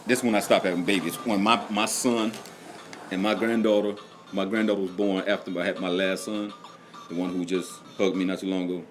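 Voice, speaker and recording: A man's voice: sits low, fairly even intonation, a little fast, slight background noise. A middle-aged man hosting a casual livestream, chatting in a laid-back way and reading out viewers' comments. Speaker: livestream host and music producer.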